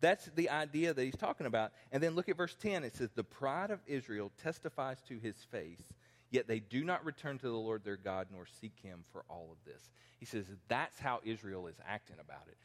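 A man's voice: mid-range voice, expressive, a little fast. A pastor in his forties preaching a conversational sermon, acting out the people he quotes. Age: 40s. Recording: long reverb in a large hall.

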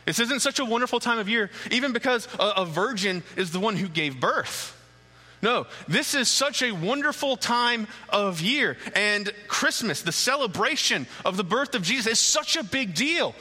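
A man preaches in a high, very lively voice with a sharp, bright edge. He works through repeated rhetorical questions, stumbling over restarts as he presses a point. The sound carries the long reverb of a big hall. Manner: stammering restarts, animated emphasis. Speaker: pastor. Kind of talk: sermon.

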